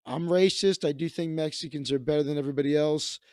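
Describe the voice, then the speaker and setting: A man around thirty riffs through a comic monologue, swearing freely and cutting himself off mid-thought. His voice sits a little on the high side. The sound is close and dry, with no room echo. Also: fairly even intonation, fast, darkish tone. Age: 30s. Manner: profane, rambling, self-interrupting. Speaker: comedian and magician hosting a livestream. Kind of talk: casual comedic rant.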